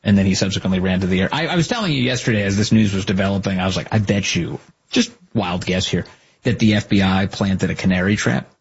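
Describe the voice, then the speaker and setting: A man's voice: low-pitched, fast talker, vocal fry, slightly rough, lo-fi sound. A man hosting a political commentary show, talking sarcastically and mocking people with put-on voices.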